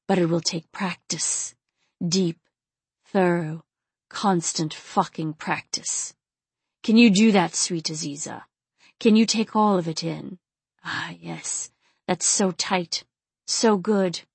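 A woman voicing a dominant male lover who is an inhuman king, speaking in a low, slow, husky murmur. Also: darkish tone, no echo, full character voice. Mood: husky, urgent.

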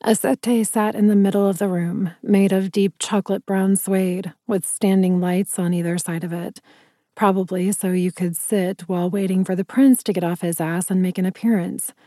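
A woman reads a first-person fantasy novel aloud in a measured, wry manner. Her voice is mellow and warm, recorded very dry and close. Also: medium pitch, fairly even intonation, no echo. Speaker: audiobook narrator.

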